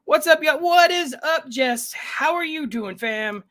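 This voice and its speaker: A man's voice: very high-pitched, expressive, a little slow, pushed and bright. A man hosting a casual live reaction stream, chatting with viewers and greeting them by name, rambling with frequent self-interruptions. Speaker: livestream reaction host.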